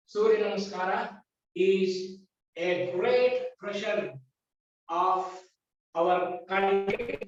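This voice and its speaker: A man with an Indian English accent, a yoga teacher lecturing his class in short, repeated, emphatic phrases. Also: high-pitched. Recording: echoey dull recording from a distance.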